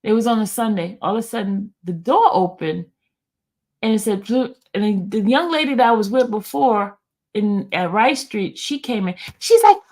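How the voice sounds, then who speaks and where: A woman's voice: mid-range voice, moderate pace, a little mellow. A woman host telling viewers a personal story in a chatty, rambling way, with many fillers and restarts. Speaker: YouTube host.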